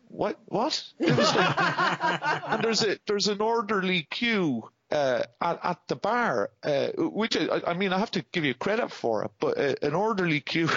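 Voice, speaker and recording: A man's voice: on the high side, fairly bright tone, no echo. Irish guy rambling thru a story, lots of restarts, kinda dull dry podcast audio. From Ireland. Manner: rambling, repeats words and restarts often. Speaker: podcast guest. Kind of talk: casual storytelling chat.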